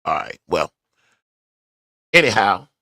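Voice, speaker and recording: A man's voice: low-pitched, sing-song, slow, bright, forceful tone, dry recording, clean studio sound. A man talking casually to his viewers, rambling through his thoughts. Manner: conversational, rambling, talks to viewers. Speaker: vlogger. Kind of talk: casual commentary while driving to work. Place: garage.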